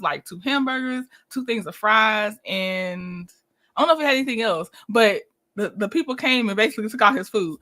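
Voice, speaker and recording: Livestream host, woman, bright and somewhat high voice, chatty, laughs easily. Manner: chatty, greets viewers by name, laughs often. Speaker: livestream host reviewing a reality show. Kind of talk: casual livestream chat.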